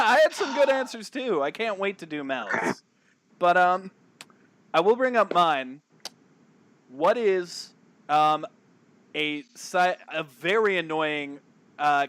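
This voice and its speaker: A man's voice: a little high, fairly bright tone. A man hosting a casual chat, upbeat as he brings up the topics. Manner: upbeat, reads out discussion topics. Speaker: host.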